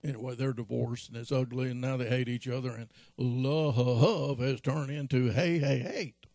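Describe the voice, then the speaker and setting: A man's voice: steady tone, normal speed, a little mellow, no echo, clean studio sound. A man preaching a sermon as pastor, telling stories from his life and acting out quotes. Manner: storytelling, acts out quotes in a high voice.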